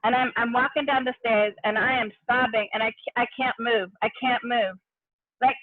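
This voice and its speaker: A woman's voice: fairly high pitch, fairly even intonation, normal speed, dry recording. A middle-aged woman telling a personal story as an interview guest, speaking earnestly and vividly with frequent restarts. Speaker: interview guest, education consultant. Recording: tinny phone-like line, dry.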